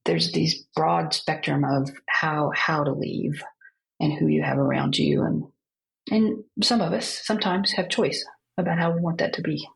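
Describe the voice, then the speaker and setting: A woman with a low voice and a gravelly edge talks slowly and gently, as an end-of-life counselor on a podcast. She tells her stories with thoughtful pauses. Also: poor audio. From United States. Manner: gentle, unhurried storytelling with pauses. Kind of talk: reflective podcast conversation.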